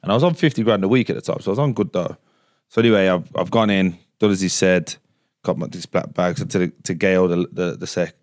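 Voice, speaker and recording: A deep-voiced man tells a long story in a loose, casual podcast chat. He swears without a second thought and drops to a near whisper when he quotes other people. The sound is close and dry. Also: fast, no echo. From England. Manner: swears freely, acts out quotes in a hushed voice. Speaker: guest, former footballer. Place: basement studio.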